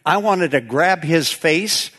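A man preaching in an animated, folksy storytelling manner, often breaking into laughter. His voice sits a touch higher than most men's, and he addresses the congregation directly. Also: takes it slowly. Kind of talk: storytelling sermon.

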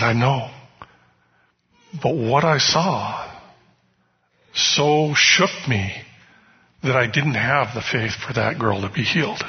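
A man's voice: medium pitch, husky. A man preaching a sermon, telling personal stories in a conversational way. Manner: storytelling, conversational, often asks "you know what?". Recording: muffled hall recording with long reverb.

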